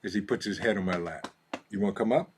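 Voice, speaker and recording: A man's voice: on the low side, fast talker, slight background noise. A man hosts a casual live stream, reading out viewer comments, laughing easily and coaxing his dog. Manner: easygoing, laughs often, talks softly to his dog.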